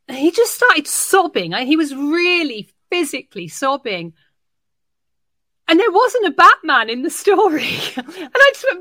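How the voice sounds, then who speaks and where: A woman's voice: high voice, normal speed, no echo. A woman who works in early years education, telling classroom stories on a podcast and acting out the dialogue as she goes. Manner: animated, acts out dialogue while telling stories. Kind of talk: podcast conversation, telling an anecdote.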